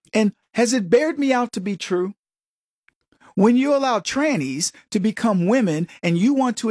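A man's voice: high-pitched, a little mellow, husky, no echo, clean studio sound. A man hosting an opinion commentary, talking straight to viewers in an emphatic way and often repeating words. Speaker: commentary host.

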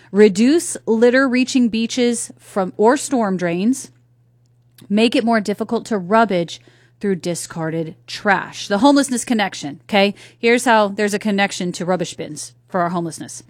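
A chatty woman radio host talks straight to her listeners in a fairly high voice, often tossing questions at them. The studio sound is close and dry. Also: no echo. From North Carolina. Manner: chatty, conversational, asks the audience questions. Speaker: radio talk show host. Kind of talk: solo radio talk commentary. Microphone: studio microphone.

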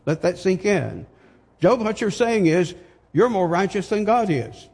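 Older man, preacher, sermon, husky, drawn-out delivery, rhetorical questions. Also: high voice, expressive, darkish tone. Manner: slow, emphatic, asks rhetorical questions. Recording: long hall reverb.

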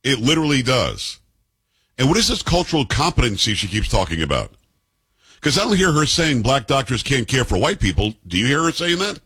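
A man's voice: medium pitch, big pitch swings, a little fast, a bit bright, husky, no echo. A man in his fifties hosting a political commentary show, combative and sarcastic, firing off rhetorical questions. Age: 50s.

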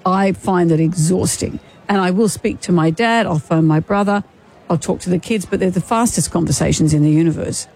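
A woman's voice: lowish voice, fairly quick, darkish tone. A woman co-hosting a radio show, chatting casually and arguing her point with stammered restarts. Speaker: radio co-host. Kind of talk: casual on-air banter.

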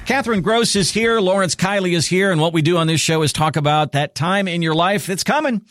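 A man's voice: high voice, lively intonation, fairly quick, few pauses, a bit bright, dry recording, studio quality. A man hosting a financial radio show, persuasive, talking listeners through retirement money and reading out contact details. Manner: persuasive, repeats phone numbers. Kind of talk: financial radio talk and ad reads.

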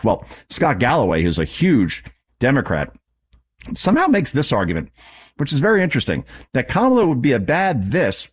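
A man talks through politics as a show host, opinionated and brisk. His voice sits low but jumps around a lot in pitch. He leans on sarcasm and rhetorical questions.

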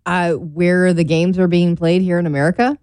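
A woman co-hosts a radio show, bantering in a light, self-deprecating manner. Her voice is fairly low and mellow. She sits close to a studio microphone in a dry room. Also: fairly even intonation, moderate pace, smooth, no room sound. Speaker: radio co-host.

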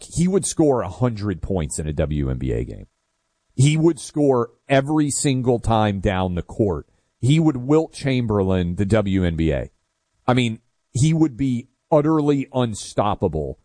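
A man hosting a call-in radio show, talking in a brash, joking, quick way. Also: fairly low pitch, warm tone, dry recording, clean studio sound. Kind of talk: casual talk radio banter. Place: radio studio.

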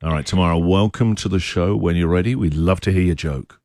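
A man's voice: low voice, a little fast, darkish tone, dry recording, studio quality. A man hosting a radio breakfast show, bantering with callers in an upbeat, teasing way and laughing easily.

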